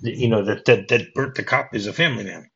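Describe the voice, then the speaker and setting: Halting man on a lo-fi podcast. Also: fairly low pitch, creaky, a bit bright. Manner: halting, repeats words often. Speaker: podcast host. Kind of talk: casual film discussion. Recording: dull lo-fi podcast audio.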